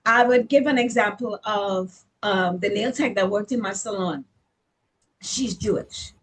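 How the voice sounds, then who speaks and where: On a rough recording, a Caribbean salon owner speaks a little slowly in a mid-range voice as she's interviewed. Her personal stories come out frank and forceful, with words repeated as her argument builds.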